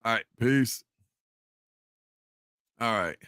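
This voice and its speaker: A man's voice: medium pitch, pushed and bright, slight background noise. A man hosting a live stream, chatting loosely with plenty of fillers and restarts. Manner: loose, halting, many fillers. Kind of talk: casual chat.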